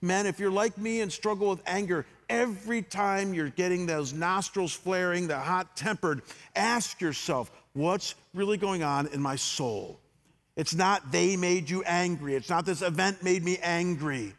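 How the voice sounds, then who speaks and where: A middle-aged male pastor preaches a candid, story-driven sermon, his fairly high voice carrying through a church hall with a long, lingering reverb. He swings from loud re-enactments to quiet, reflective stretches. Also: unhurried. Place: church sanctuary.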